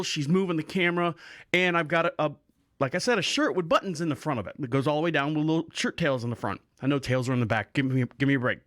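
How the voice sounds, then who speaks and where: A man's voice: fairly high pitch, fairly bright tone, no room sound, clean studio sound. A middle-aged man hosting a podcast, telling rambling stories in a casual, joking way and often breaking into laughter. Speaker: podcast host. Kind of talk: casual storytelling monologue.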